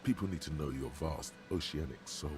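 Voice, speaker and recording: A man voicing a sardonic inner-voice narrator in a video game, speaking in dry, measured tones. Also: very deep voice, over music. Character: deep male inner voice narrating a game, wry and grave.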